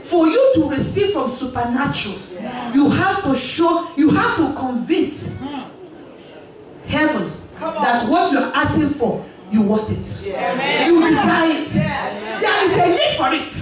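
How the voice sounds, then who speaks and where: A woman preaching a fervent sermon, acting out pleading voices with bursts of shouting. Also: high-pitched, animated, unhurried, pauses often, a crowd in the background. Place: large church hall. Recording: echoey church hall, voice from a distance, audience audible.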